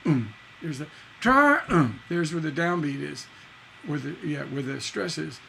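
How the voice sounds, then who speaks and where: A songwriting instructor with a bright, fairly high voice and vocal fry teaches a live-streamed lesson at a moderate pace, expressive and forceful as he explains lyric stresses. He casually sings, hums lines and taps out da-da rhythms, asking "right?" and answering chat, with slight background noise.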